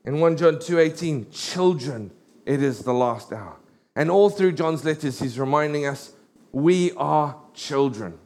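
A middle-aged man preaching a sermon, animated and storytelling, slowing down to read scripture. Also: on the high side.

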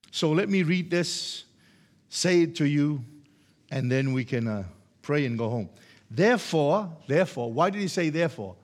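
A man preaching a sermon, emphatic and repetitive, building from quiet explanation to loud exhortation. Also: high-pitched, expressive, moderate pace.

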